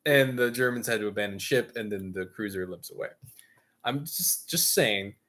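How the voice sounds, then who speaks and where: A man's voice: on the low side, normal speed, a bit bright. A man hosting a gaming stream, telling a long story in casual chat with jokey asides and frequent laughs. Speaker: stream host.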